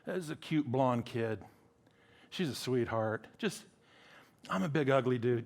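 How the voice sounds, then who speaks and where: A middle-aged man preaching a sermon, animated and acting out dialogue in different voices. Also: a little slow. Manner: animated, acts out dialogue with big pitch swings.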